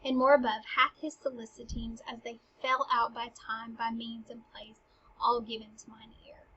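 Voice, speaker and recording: A woman's voice: on the high side, flat delivery, breathy edge, dull audio. A woman voicing a pompous, rambling old male courtier who loves hearing himself talk. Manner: slow, loud, overblown delivery.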